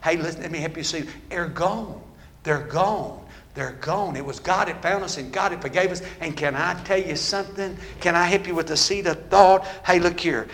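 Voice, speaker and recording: A man preaching a sermon with call-and-response that builds into shouting. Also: fairly high pitch, normal speed.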